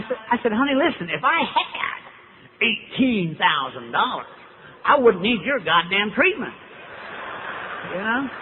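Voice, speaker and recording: A man's voice: on the high side, a little hiss or hum. An older man, telling his recovery story to a meeting in a wry, folksy way with punchlines. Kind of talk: storytelling talk. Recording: tinny lo-fi hall recording.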